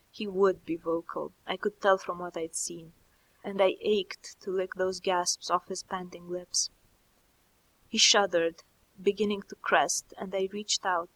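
A woman narrating a first-person story in a soft, slow, intimate reading. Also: medium pitch, low-quality recording. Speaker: audiobook narrator.

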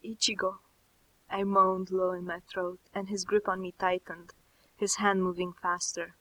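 A woman narrating a first-person story in a soft, slow, intimate reading. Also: lowish voice, flat delivery, low-quality recording. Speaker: audiobook narrator.

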